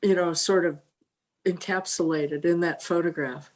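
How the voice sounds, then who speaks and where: A woman's voice: fairly low pitch, steady tone, normal speed. A woman in the audience adds an earnest comment about a photograph, speaking unhurriedly. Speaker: audience member. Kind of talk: casual comment.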